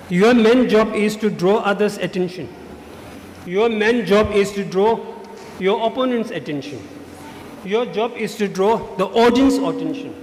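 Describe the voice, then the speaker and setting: A man's voice: high-pitched, a little hiss or hum. A man giving emphatic feedback to students as a debate judge, repeating his key points. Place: large school hall. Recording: echoey hall, faint ambience.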